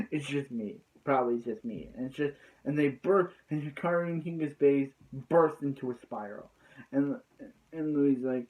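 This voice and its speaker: A man's voice: mid-range voice, moderate pace, darkish tone, poor audio. A man giving a casual, rambling recap of an anime episode, leaning on filler words like "so yeah.".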